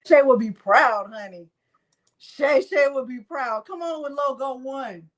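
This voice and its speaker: A middle-aged woman hosts a crafting livestream, gushing and exclaiming to viewers in excited chat as she runs a prize drawing. Her voice is high-pitched and unhurried, picked up by a desk microphone.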